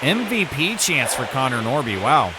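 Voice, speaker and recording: A man's voice: mid-range voice, sing-song, normal speed, very noisy. A man commentating his own video game baseball season, switching between broadcaster-style calls and muttered asides. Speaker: gaming YouTuber.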